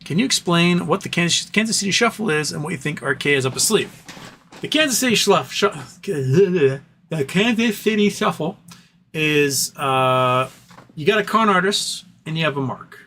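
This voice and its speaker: A man hosts a casual livestream in a rambling, playful way, reading out viewer comments and breaking into sing-song talk with his dog. His voice sits somewhat high for a man, and faint noise hums behind him. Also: lively intonation, moderate pace, sharp tone. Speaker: livestream host.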